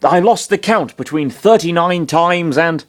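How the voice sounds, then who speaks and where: A man's voice: on the high side, unhurried, pitched above the performer's own voice, close to an everyday voice. A man doing a cheery boastful doctor in a console. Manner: upbeat, boastful, taunting. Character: cheerful male doctor living inside a handheld game console.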